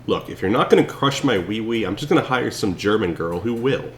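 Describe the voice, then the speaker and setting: Deadpan low-voiced man, wildly swinging pitch. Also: fairly quick. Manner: deadpan, bursting into shouts. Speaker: streamer playing a chatbot. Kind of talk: comedic chatbot role-play.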